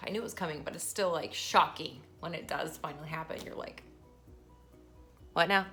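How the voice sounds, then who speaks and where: Chatty mom vlogger, slightly low voice. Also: female voice, fast talker, fairly bright tone, faint music behind. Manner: chatty, laughs often, emotional storytelling. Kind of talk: casual personal vlog.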